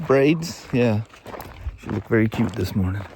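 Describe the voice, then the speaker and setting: A man's voice: lowish voice, animated, a little slow, creaky, background noise. A middle-aged man hosting a vlog, telling stories in a rambling, easygoing way with plenty of restarts. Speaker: vlog host. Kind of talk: casual chat.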